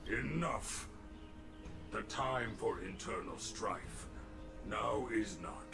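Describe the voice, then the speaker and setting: A man's voice: mid-range voice, takes it slowly, creaky. An actor playing a stern male game warrior who gives orders with inverted word order, heard as game audio under music.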